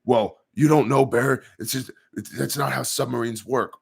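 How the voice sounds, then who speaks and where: A man's voice: medium pitch, steady tone, normal speed, creaky, breathy edge. A man voicing a nervous male government staffer who reports to his boss hesitantly and deferentially.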